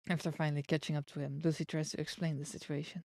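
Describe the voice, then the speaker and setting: A woman's voice: low voice, fast talker, dry recording, studio quality. Young woman streamer reading a story game. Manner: reads the text in a steady voice, breaking off into excited outbursts. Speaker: virtual streamer. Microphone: streaming mic. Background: soft game music.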